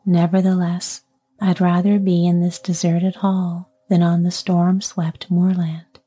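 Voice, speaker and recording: A woman's voice: on the low side, flat delivery, a little slow, dark tone, breathy edge. A woman whispering the lines of a brave, courteous young prince in an old-fashioned courtly way, as whispered role-play. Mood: musing.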